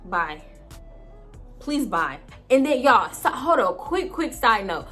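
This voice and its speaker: A woman's voice: on the high side, unhurried, soft background music. Young woman vlogger, loose and profane, shot on a phone at home. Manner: profane, chatty, animated storytelling to viewers. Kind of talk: casual storytime chat. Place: home, indoors. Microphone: phone camera.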